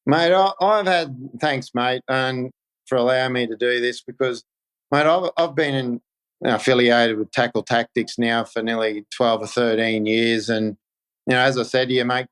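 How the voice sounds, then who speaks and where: A man's voice: mid-range voice, a bit bright, clear, resonant tone, rough recording. An Australian man guesting on a fishing podcast, chatting in an easygoing way and peppering his talk with "mate". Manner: easygoing, says "mate" constantly, halting restarts. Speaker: podcast guest, kayak angler. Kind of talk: casual podcast chat.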